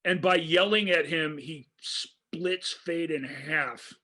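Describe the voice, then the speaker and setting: On a podcast, a male co-host with a slow, somewhat high voice chats casually about a movie. He gets animated, acting out the film's lines with real gusto.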